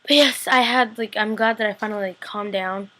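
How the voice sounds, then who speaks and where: A young woman recapping a TV episode on her laptop webcam, chatty and full of fillers, acting out scenes with sudden high-pitched squeals. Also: fairly even intonation, brisk, bright, forceful tone, a little hiss or hum. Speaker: vlogger reviewing a TV episode. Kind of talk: casual excited recap.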